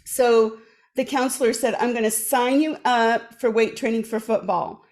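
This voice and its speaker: Woman, fairly high voice, casual storytelling, acts out quoted voices, video call. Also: fairly even intonation, moderate pace, darkish tone. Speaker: guest performer.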